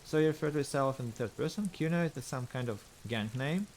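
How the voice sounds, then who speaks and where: A man's voice: medium pitch, fast talker, a little mellow, a little hiss or hum. A man streaming a game, a native Russian speaker reading its dialogue aloud in English with hesitant fillers.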